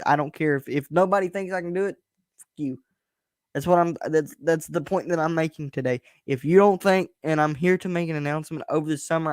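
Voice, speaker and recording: Young man, smooth clear voice, dry close sound, blunt rambling talk, bedroom stream. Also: a little high, no echo. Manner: candid, rambling, frustrated, blunt. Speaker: podcast host. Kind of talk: casual solo stream rant.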